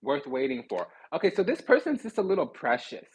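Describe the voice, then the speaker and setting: A man giving a sassy, animated tarot reading, blunt and swearing freely. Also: on the high side, fairly quick, slightly rough, rough recording. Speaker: spiritual card reader.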